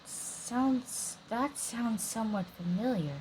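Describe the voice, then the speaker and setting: A woman commenting casually over gameplay, chatty and halting. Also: fairly high pitch, a little mellow, slight background noise, low-quality recording. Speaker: gameplay streamer. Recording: voice over game music.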